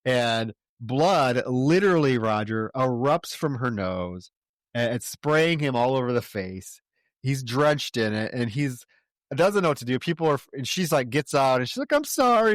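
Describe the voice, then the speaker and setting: A man co-hosting a podcast and retelling a movie scene by scene in casual, animated speech. His voice sits in a middle pitch. He tosses in quick character impressions, and the room sound is dry and close. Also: no room sound. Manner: animated storytelling, briefly mimics characters. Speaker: podcast co-host. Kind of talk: casual film recap.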